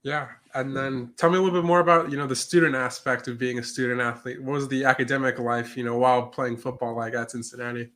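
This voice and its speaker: A man's voice: medium pitch, level tone, quick pace, hardly any pauses, fairly bright tone. A man hosting a sports interview, asking friendly, conversational questions.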